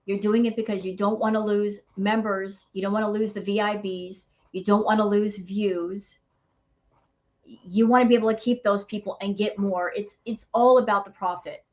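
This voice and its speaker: A woman's voice: mid-range voice, fairly even intonation, normal speed, a little mellow, highs cut off. A woman hosting a reaction channel, ranting in heated commentary and calling her viewers y'all.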